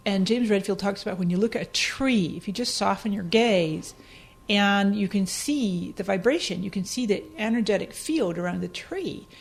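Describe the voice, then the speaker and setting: Animated Scottish woman telling stories. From Scotland. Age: middle-aged. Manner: animated, laughing often, acting out her own past lines in a higher voice. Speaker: podcast guest. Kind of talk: casual storytelling interview.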